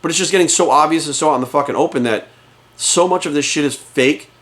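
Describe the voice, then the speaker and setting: A man in his office talks straight into a camera in a quick, heated rant. His voice sits a bit high for a man, and he swears constantly for emphasis as he pushes his points. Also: a bit bright. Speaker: fitness coach. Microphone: camera in front of him.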